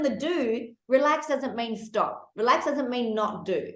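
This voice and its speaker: A woman hosting a candid, casual podcast chat, animated and laughing, with casual swearing. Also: fairly high pitch, a little slow, few pauses, roomy sound. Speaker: podcast host.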